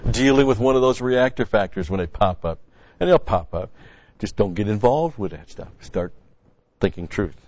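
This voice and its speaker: A man's voice: on the low side, animated, moderate pace, darkish tone, dry recording. A man preaching a sermon-style Bible teaching in a conversational, folksy way, repeating key phrases. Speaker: pastor. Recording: dry, dull lo-fi sound.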